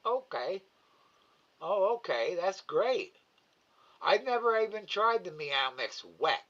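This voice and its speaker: A middle-aged man hosting a live stream, talking slowly and stumbling over repeated words as he answers his viewers. His voice is bright and a little forceful. The stream audio sounds dull and lo-fi. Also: fairly high pitch. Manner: slow, halting, repeats words, emotional. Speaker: live cam host reading chat. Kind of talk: casual live-stream chat.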